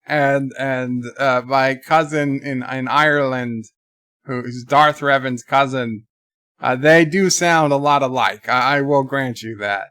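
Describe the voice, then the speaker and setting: A man's voice: medium pitch, slow pace, long pauses, pushed and bright, clear, resonant tone, no echo, studio quality. A man hosting a livestream in casual chat, reading out donations and viewer comments with wry, rambling remarks. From United States.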